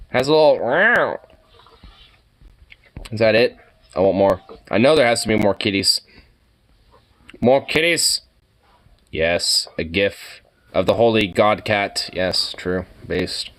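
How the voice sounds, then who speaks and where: A man chatting on a live stream in an unhurried, drawn-out way. His pitch swings widely between low mutters and high squeals as he gushes, swearing casually. Faint guitar music plays in the background. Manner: excitable, gushing over cats, casually profane.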